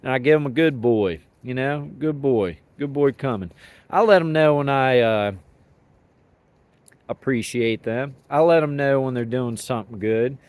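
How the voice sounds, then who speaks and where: A man's voice: medium pitch, moderate pace, a little mellow, no room sound. Laid-back folksy man, dry close sound. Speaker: dog owner sharing training thoughts. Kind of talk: casual outdoor vlog talk. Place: outdoors with his dogs.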